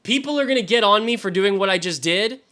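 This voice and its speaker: A young male streamer with a bright, fairly high voice talks loosely to his live chat. He swears freely and keeps up an easygoing commentary. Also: expressive, quick pace. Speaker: fantasy football streamer.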